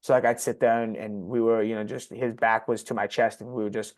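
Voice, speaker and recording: A man's voice: fairly low pitch, flat delivery, a little fast. A young man candidly telling a personal story on a podcast, blunt and profane, with lots of "like" fillers. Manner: blunt and profane, heavy use of "like". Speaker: podcast guest sharing his story.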